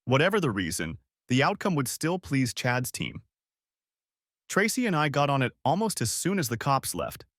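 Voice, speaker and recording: A male narrator reading a first-person drama, with a lively, swinging pitch and a middle register. The sound is dry and close, with no room in it. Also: normal speed, no echo. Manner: dramatic storytelling, acting out heated lines.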